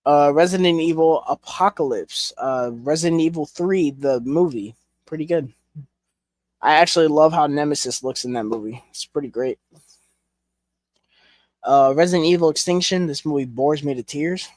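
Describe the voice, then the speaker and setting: A young man talks casually and loosely, rambling through fillers and blunt swearing. His voice sits a bit high for a man. The sound is close and dry. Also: moderate pace, a little mellow, no room sound. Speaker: collection reviewer. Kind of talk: casual chat.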